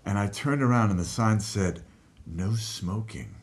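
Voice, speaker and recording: A man telling a personal story in casual talk, animated, laughing at times and swearing freely. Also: on the low side, moderate pace. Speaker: guest telling a life story.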